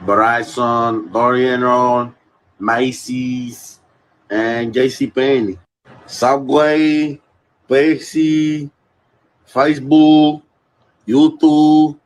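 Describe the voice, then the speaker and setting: A man playing a character who reads each store name in a thick Spanish accent. He stretches every word out slowly and sounds amused, as if he is about to laugh. His voice sits in a middle pitch. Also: flat delivery, low-quality recording. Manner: drawn out, amused, breaking into laughter.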